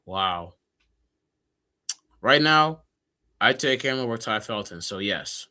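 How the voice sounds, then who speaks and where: A man's voice: on the low side, expressive, slow pace, bright, forceful tone, clear, resonant tone. A man from Minnesota co-hosting a casual sports podcast, easygoing and rambling with fillers. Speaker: podcast co-host.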